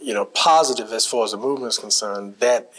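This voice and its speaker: A man's voice: on the low side, fast, a bit bright. A man interviewing for an oral history, asking probing follow-up questions and giving brief acknowledgments.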